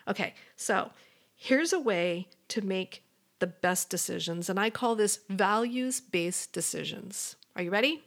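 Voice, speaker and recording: A woman hosting a motivational podcast, speaking earnestly and encouragingly straight to her listeners as a life coach, sometimes dropping to a soft whisper. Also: medium pitch, measured pace.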